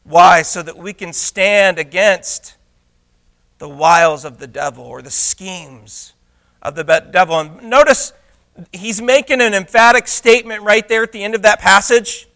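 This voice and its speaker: A man preaching a sermon as a pastor, swinging between loud emphatic declarations and hushed intimate asides, asking the congregation rhetorical questions. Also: sits high, measured pace, gravelly.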